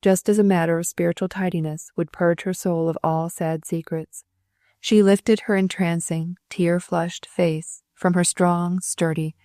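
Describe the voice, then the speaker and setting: Mellow woman reading an audiobook. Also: fairly low pitch, no room sound, studio quality. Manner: measured, expressive reading. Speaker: audiobook narrator. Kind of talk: storybook narration.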